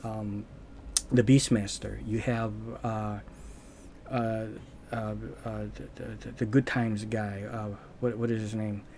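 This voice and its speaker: Mellow-voiced man rambling to camera. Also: on the low side, little pitch movement, slow pace, a little hiss or hum. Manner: rambling, restarts often and searches aloud for words. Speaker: channel host. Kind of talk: casual unscripted monologue.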